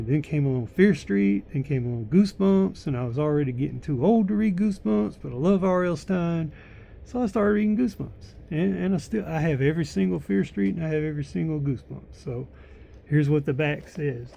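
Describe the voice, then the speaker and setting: A man's voice: on the high side, a little fast, creaky, dark tone, highs cut off. A tired man chatting casually to camera about his new book, rambling with lots of likes and restarts.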